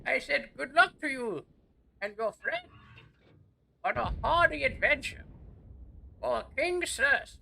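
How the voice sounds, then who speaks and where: A man voicing a pompous mock-medieval old British gentleman in a quavery, put-on old-man voice with a fake British accent. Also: extremely high pitch, lively intonation, slow pace, gravelly, pauses often, slight background noise, voice pushed up, heavily acted, low-quality recording.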